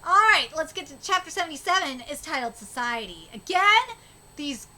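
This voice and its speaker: A woman streamer reading manga chapters aloud and reacting, excitable, gushing and swearing casually. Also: sits high, moderate pace.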